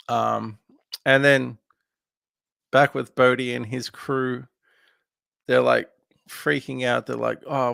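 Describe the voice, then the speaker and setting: Gravelly man recapping a film. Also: medium pitch, a bit bright, no echo, studio quality. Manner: meandering, filler-heavy retelling. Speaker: film podcast co-host. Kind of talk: casual film recap chat.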